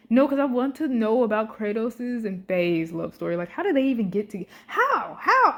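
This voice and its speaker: Young female vlogger, excitable fan chatter, swears a lot, lots of slang. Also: mid-range voice. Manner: excitable and animated, swears freely, uses slang. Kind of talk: casual fan commentary.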